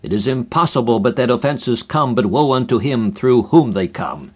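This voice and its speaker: A grave stranger intoning old scripture slowly and solemnly, as a man reading a radio sermon gives him voice. His pitch sits in the middle, and every phrase lands with weight. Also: expressive, husky. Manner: archaic biblical phrasing, grave and measured. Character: solemn mysterious male stranger speaking scripture.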